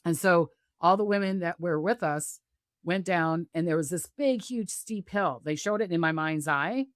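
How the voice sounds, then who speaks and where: A woman guest, a psychic medium, telling stories on a video call and acting out the voices of others with big jumps in pitch. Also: dry recording, clean studio sound. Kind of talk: animated storytelling interview.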